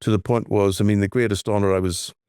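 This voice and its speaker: A man's voice: on the low side, level tone, fast talker, a little mellow, clear, resonant tone, dry recording, studio quality. A man co-hosting a podcast, chatting casually and telling stories, acting out the voices of the people he quotes. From Ireland. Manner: storytelling, acts out quoted voices. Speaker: podcast co-host. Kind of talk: casual chat, anecdotes. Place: London.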